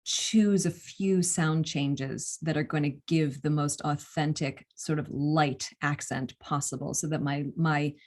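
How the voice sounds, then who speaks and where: A young American woman with a notably low voice talks through her craft in an easy, conversational interview. She explains things step by step, pausing now and then to restart a thought. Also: fairly even intonation, a little mellow. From United States. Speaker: audiobook narrator and actor. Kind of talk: casual interview answers.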